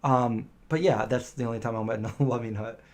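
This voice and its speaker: Middle-aged guy doing a live q&a stream, normal mid pitch, rambly storyteller who acts out what people said. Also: steady tone, a little fast. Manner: rambling anecdotal storytelling, acting out quoted voices. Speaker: live stream host answering viewer questions. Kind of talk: casual live Q&A chat.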